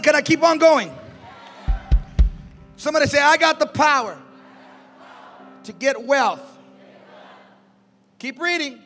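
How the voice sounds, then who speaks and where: A man preaching a sermon as pastor, shouting call-and-response lines to the congregation and driving them on. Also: extremely high pitch. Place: large church hall with music. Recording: echoey church hall with music behind.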